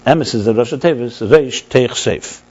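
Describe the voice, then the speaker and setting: A man leads a text study class as a rabbi. His pitch is mid-range and his delivery is animated, with frequent restarts and Hebrew terms. The recording sounds a little muffled. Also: measured pace, husky.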